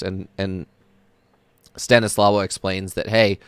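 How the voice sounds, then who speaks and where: A man's voice: on the low side, moderate pace, clean tone, dry recording. A man narrating a tabletop game as game master, rambling with many fillers and laughs.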